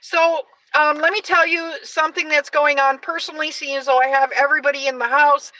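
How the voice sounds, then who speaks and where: A loud, energetic woman in her forties talks loosely on a live stream, full of "um"s and restarts. Her voice is high and bright. The sound is dry and picked up from a little way off the mic. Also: brisk, dry recording, recorded from a distance, low-quality recording. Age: 40s. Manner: loud, energetic, chatty with many fillers. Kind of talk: casual live-stream chat.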